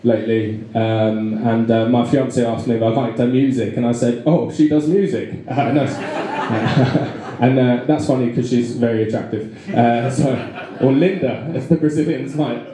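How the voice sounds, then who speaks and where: A young English man doing live stand-up comedy in a pub venue, with a halting, rambling delivery full of fillers and restarts. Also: medium pitch, steady tone, dark tone. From England. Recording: very echoey live room.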